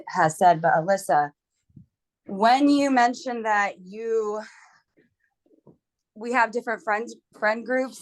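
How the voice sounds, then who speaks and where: A tired young woman on a video call, telling a story candidly in casual chat. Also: mid-range voice. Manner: candid, storytelling, quotes people in her retelling. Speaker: book club member.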